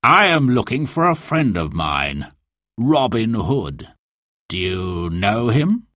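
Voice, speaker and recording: A man voicing a villainous, scheming male knight in a storybook reading, drawing out his words with slow menace. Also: lowish voice, big pitch swings, a bit bright, dry recording, studio quality, heavily acted. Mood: sly.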